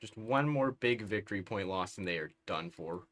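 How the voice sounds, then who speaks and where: A man's voice: fairly low pitch, expressive, moderate pace, fairly bright tone. A man livestreaming a strategy game, giving casual, bemused running commentary and laughing often.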